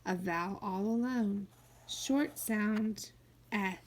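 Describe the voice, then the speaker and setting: A woman teaching phonics to young children, sounding out each word slowly and coaxing them to follow along. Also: medium pitch, slight background noise. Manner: slow, drawn-out sounding-out of words; coaxing, encouraging teacher talk. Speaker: kindergarten teacher.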